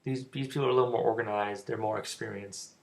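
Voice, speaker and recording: A man's voice: on the low side, fairly even intonation, fast talker, vocal fry. A young man with a stutter, rambling casually as he gives dating advice in a vlog. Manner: rambling, stuttering, loose and informal. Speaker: vlogger giving dating advice.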